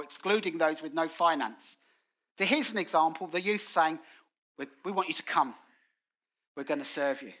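A man preaches in a church, his voice sitting a little high and ringing bright. He tells stories with energy, acting out quotes in colloquial British phrasing. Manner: animated storytelling with acted quotes. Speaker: guest preacher. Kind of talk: sermon.

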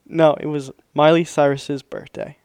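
A man's voice: fairly high pitch, level tone, measured pace, a little mellow, clean tone. A young man co-hosting a podcast, chatting casually and rambling with lots of hedges and fillers. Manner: rambling, hedging, with many fillers. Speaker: podcast co-host. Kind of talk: casual chat.

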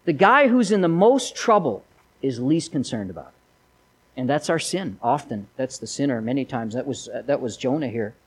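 A man's voice: medium pitch, sing-song, normal speed, breathy edge, poor audio. A man preaching a sermon, mixing folksy stories with emphatic appeals. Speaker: pastor.

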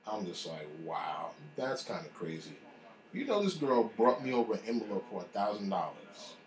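A man's voice: lowish voice, sing-song, normal speed. A man casually telling a personal faith story. He talks with animation and acts out the voices of people he quotes. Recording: echoey room.

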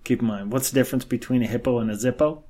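A man's voice: mid-range voice, racing, dark tone. A man in casual chat, telling long crude jokes and acting out the characters in them. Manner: rambling joke-teller acting out characters.

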